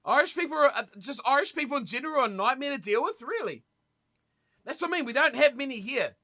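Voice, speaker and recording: A young man streaming a rugby watch party, commentating on the play and chatting casually with his viewers, with sudden loud reactions. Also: very high voice, expressive, fast talker. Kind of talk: casual live commentary and chat.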